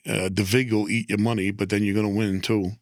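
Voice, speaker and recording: A man's voice: on the low side, level tone, fairly quick, no room sound, studio quality. A man talking through a casual interview, streetwise, handing out tips step by step. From United States. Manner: streetwise, instructive, tosses out tips. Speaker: interview guest. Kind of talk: casual storytelling chat.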